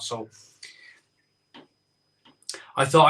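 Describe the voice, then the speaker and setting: A man hosts a live beer-drinking stream and tells a story in a loose, rambling way, often repeating his words. His voice sits a bit high and sounds bright. He is heard from some distance from the microphone. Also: measured pace, pauses often. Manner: chatty, rambling, repeats phrases.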